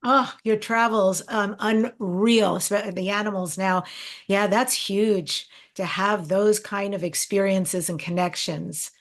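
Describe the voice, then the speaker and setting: A woman interview host with a mid-pitched voice. She asks her guest questions and answers with short, appreciative remarks. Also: steady tone, slow pace. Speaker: podcast host. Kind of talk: interview hosting.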